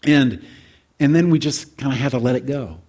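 A man's voice: medium pitch, moderate pace, a little mellow. A man in his forties telling a heartfelt personal story to an audience in a reflective, conversational way. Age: 40s. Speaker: speaker addressing an audience.

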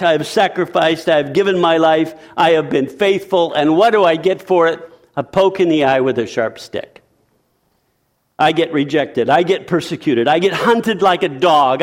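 A man preaching who voices a weary, despairing male prophet, pleading and complaining in emphatic lists. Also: fairly high pitch.

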